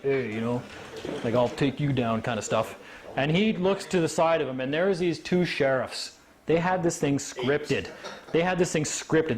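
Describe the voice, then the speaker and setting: A man speaking to a live audience, telling a story with animated delivery and acting out the voices of the people in it. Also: medium pitch, a little hiss or hum. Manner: animated, acts out quoted voices.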